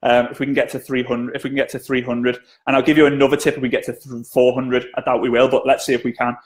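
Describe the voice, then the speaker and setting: A man's voice: mid-range voice, level tone, fast talker. A man giving a live-streamed sales training talk, chatty and jokey, often asking viewers to comment.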